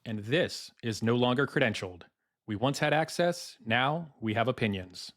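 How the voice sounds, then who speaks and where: A man's voice: mid-range voice, lively intonation, normal speed. Jokey, irreverent male podcast co-host. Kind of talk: casual podcast banter and mock ad reads.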